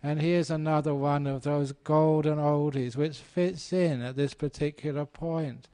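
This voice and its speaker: A male monk giving a light-hearted dharma talk, in a voice a little higher than most men's. He tells stories playfully and drops in animal sounds. His delivery is relaxed and good-humored. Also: measured pace.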